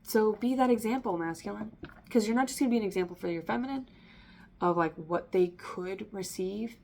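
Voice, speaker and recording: A woman's voice: medium pitch, a little fast, vocal fry, a little mellow, a little hiss or hum. A woman giving a casual spoken tarot reading, rambling with frequent ums and likes and breaking off to restart her thoughts. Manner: self-interrupting, slips and restarts. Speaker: tarot reader.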